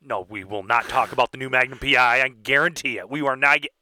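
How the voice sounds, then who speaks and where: A man co-hosting a casual chat show, joking and throwing in quick asides. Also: mid-range voice, pushed and bright, a little hiss or hum. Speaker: podcast co-host. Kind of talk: casual banter.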